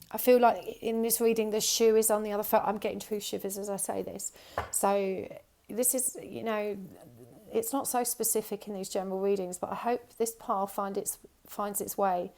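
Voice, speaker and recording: A woman with a sore throat and an odd high-pitched twang, giving a pick-a-card tarot reading and often saying what she feels. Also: a little mellow. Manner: intuitive, repeats "I feel like". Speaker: tarot reader.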